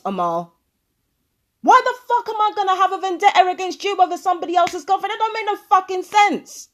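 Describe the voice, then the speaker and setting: High-voiced woman going off, swearing a lot, angry rant over a clip, keeps asking what are you talking about. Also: big pitch swings, brisk, a bit bright. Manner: furious, profane ranting with repeated questions. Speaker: vlogger. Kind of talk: angry commentary over a played recording.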